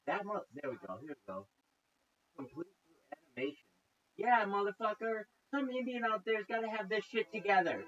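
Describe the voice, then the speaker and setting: A man's voice: high voice, animated, normal speed, lo-fi sound. A man hosting a reaction video, ranting in casual commentary full of profanity and exasperation. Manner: profane, exasperated, loud rants.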